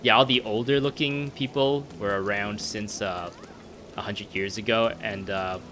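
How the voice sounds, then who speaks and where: A man's voice: fairly low pitch, steady tone, measured pace, noisy background. Chatty young man doing game commentary. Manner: chatty, laughing, self-deprecating. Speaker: gaming video host. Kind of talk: casual gameplay commentary.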